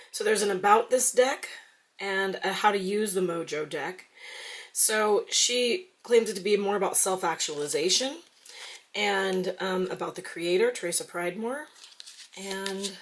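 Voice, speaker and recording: A woman tarot reader casually flipping through a deck, softly murmuring each card's name in turn. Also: mid-range voice. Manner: soft-spoken, murmurs card names quietly one by one. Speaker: tarot reader reviewing decks.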